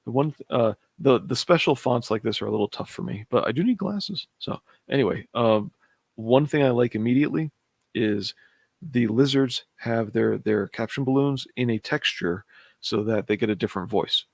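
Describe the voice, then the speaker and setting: Gravelly-voiced man musing over a comic. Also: mid-range voice, normal speed, no echo. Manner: chatty, hums to himself, chuckles often. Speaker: comic reviewer streaming. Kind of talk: casual thinking-aloud comic review.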